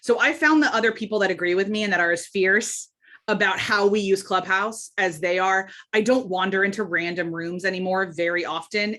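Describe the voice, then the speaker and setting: A woman's voice: medium pitch, pushed and bright. A woman talking as a podcast guest, emphatic and candid, often restarting her sentences in casual interview chat.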